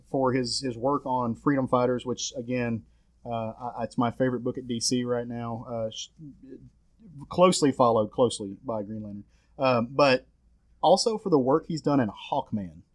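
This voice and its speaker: A man's voice: mid-range voice, moderate pace. A man hosting a casual podcast chat about comics, enthusiastic and prone to restarts. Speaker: podcast host leading the discussion.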